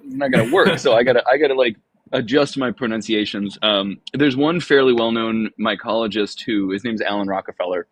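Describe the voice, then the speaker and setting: A man hosting a mushroom science livestream, talking quickly and chattily, with a lot of laughing and restarting his sentences. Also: mid-range voice, slightly rough. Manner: quick, rambling talk with frequent laughs and restarts. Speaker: host of a mushroom science channel. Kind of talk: casual livestream chat.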